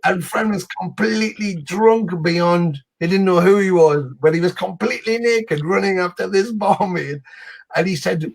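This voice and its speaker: A man guest telling animated, sweary anecdotes over a video call. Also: high-pitched, moderate pace, creaky. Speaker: musician guest. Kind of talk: casual storytelling.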